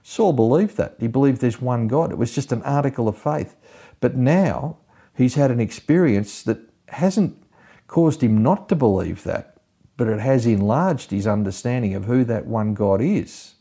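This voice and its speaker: A man giving an expository Bible teaching, retelling scripture in a measured, explanatory way. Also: mid-range voice, expressive, mellow, husky.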